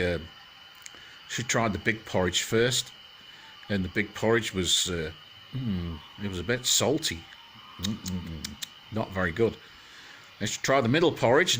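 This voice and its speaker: A man's voice: lowish voice, fairly bright tone, slight background noise. A man telling a bedtime story in a loose, chatty way, full of fillers and joking asides.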